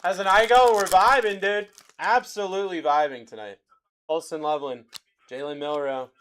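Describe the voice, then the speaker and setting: High-voiced hyped card-break host man. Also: steady tone, moderate pace, a bit bright, slight background noise. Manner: hyped, chatty, rattling off player names to buyers. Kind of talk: livestream card-break calling.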